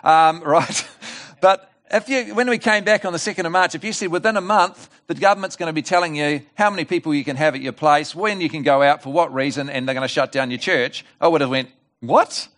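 A middle-aged man preaching a sermon at a church service, telling a joke as an animated storyteller with rambling asides and restarts. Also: fairly high pitch, a little fast. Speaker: guest preacher.

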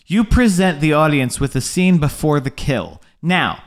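A man's voice: fairly high pitch, expressive, unhurried. A man co-hosting a podcast in casual chat, jokey and wry. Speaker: podcast co-host.

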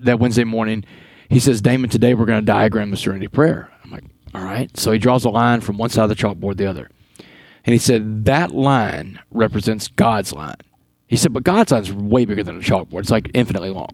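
Man from Texas, low voice, earnest storyteller, dry close sound. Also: dry recording. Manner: earnest, animated storyteller acting out dialogue. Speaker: podcast guest. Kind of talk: storytelling interview talk.

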